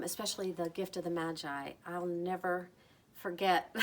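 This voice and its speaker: A middle-aged woman talking casually about books she loves, gentle and enthusiastic, lingering over her words. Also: on the low side, a little hiss or hum. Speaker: book vlogger. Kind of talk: casual recommendation talk.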